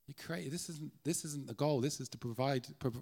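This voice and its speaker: A middle-aged Irish man, a guest preacher, delivers a sermon from a church pulpit in an earnest, conversational way. His pitch is ordinary and his tone darkish, the pace a little fast, and he often restarts sentences as he presses a point.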